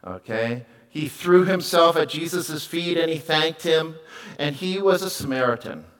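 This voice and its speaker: A middle-aged man preaching a conversational sermon, moving between quiet asides and loud, emphatic calls. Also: fairly high pitch, unhurried, low-quality recording. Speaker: pastor.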